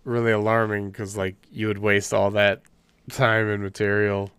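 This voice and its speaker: A man co-hosting a podcast in casual chat, animated and full of "like", acting out quotes in funny voices. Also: fairly low pitch, normal speed, smooth, no room sound. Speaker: podcast co-host.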